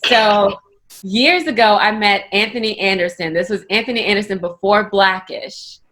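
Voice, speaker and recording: A woman in her thirties, a comedian, telling a story in a chatty, animated way over a video call. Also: medium pitch, moderate pace, a little hiss or hum. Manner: chatty, animated, lots of "like" and "you know".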